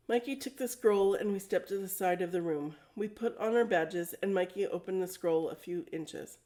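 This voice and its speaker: A woman reading a storybook aloud at a steady pace, with small self-corrections now and then. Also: on the low side, normal speed. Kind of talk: storybook read-aloud narration.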